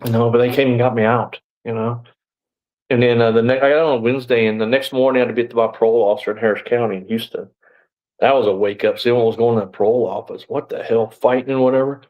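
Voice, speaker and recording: A man's voice: medium pitch, fairly even intonation, quick pace, lo-fi sound. A middle-aged man telling his story as an interview guest, rambling and blunt, full of "you know" and restarts. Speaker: interview guest, former sheriff's deputy.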